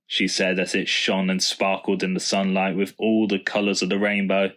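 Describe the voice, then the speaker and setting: A man narrating a children's storybook in a calm, even way. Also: sits low, normal speed, few pauses. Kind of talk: storybook reading.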